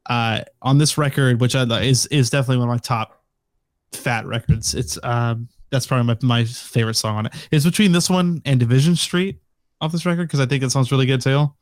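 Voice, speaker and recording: A man's voice: medium pitch, brisk, no room sound, clean studio sound. A young man co-hosting a podcast in casual chat, rambling with many fillers and restarts. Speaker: podcast co-host.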